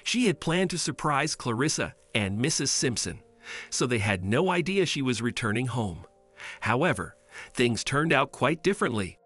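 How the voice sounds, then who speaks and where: A man reading a scripted story in a steady storytelling way. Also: mid-range voice, moderate pace. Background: faint music.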